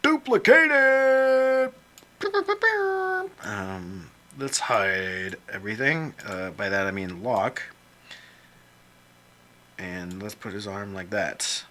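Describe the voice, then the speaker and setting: Slow-talking man joking to himself while drawing. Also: low-pitched, steady tone, sharp tone, slight background noise. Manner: rambling, jokey self-talk with mild swearing. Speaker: illustrator drawing on screen. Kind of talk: casual commentary while drawing.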